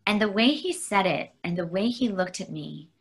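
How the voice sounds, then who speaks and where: Speaking with vocal fry in an animated, husky, medium-pitched voice, a Canadian woman shares a personal story as an interview guest. She's candid, laughs often, and halts with fillers and restarts.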